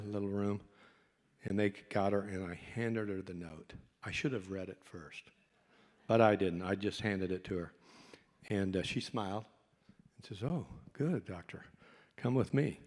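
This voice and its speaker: A middle-aged man, a doctor, tells a folksy, self-mocking story to a convention audience. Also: fairly low pitch. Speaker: doctor and speaker. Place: convention hall. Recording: long hall reverb.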